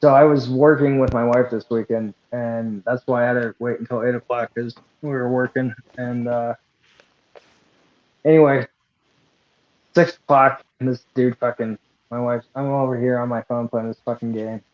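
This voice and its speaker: A man's voice: medium pitch, steady tone, moderate pace, lo-fi sound. A man co-hosting a casual podcast, telling a loose, rambling, profane story with lots of fillers. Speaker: podcast co-host. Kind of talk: casual chat.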